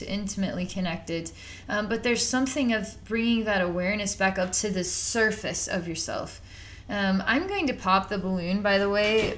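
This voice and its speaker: A woman's voice: medium pitch, fairly bright tone, slight background noise. A woman giving an unscripted psychic reading in a rambling, repetitive, conversational way with casual slang. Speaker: psychic reader.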